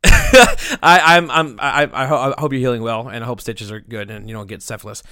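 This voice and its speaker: A man's voice: medium pitch, expressive, a little fast, pushed and bright, no room sound, clean studio sound. A young man producing a podcast, wrapping up the show in a rambling, crude, joking way with lots of fillers. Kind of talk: casual podcast chat.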